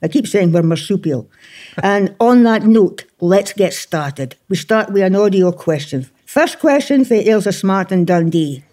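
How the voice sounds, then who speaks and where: A woman's voice: medium pitch, expressive, a little slow, dark tone. A Scottish woman hosting a gardening radio show, chatting in a bubbly, teasing way. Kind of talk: casual radio chat.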